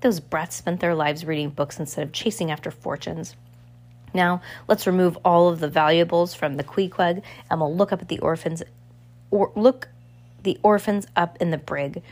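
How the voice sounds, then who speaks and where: Woman reader doing a loud, gloating male villain, light characterization. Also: fairly low pitch, fairly even intonation, moderate pace, close to an everyday voice. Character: scheming boastful male villain.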